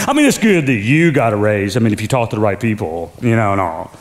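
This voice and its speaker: A pastor with a lowish voice preaches quickly and with few pauses, full of energy. Inside the church sanctuary, he leads call-and-response, having the congregation repeat after him.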